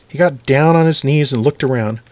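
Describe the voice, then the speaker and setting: A man reading a children's story aloud in an animated, expressive way. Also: medium pitch, fairly quick, no room sound.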